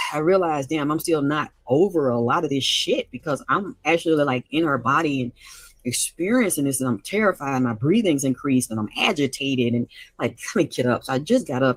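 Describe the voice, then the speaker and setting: A woman's voice: deep voice, slightly rough, dry recording. A middle-aged woman hosting a live stream from home, talking in an anxious, rambling, profane way, her voice shaking. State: shaky voice. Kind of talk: emotional live-stream monologue. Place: at home by the stove.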